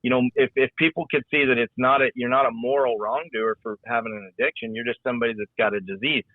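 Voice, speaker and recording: Over a tinny line that sounds like a phone, a middle-aged man, formerly a rodeo rider and announcer, chats on a casual podcast in a rambling, folksy style, often repeating himself. His medium-pitched voice has fairly even intonation and a quick pace on a dry recording.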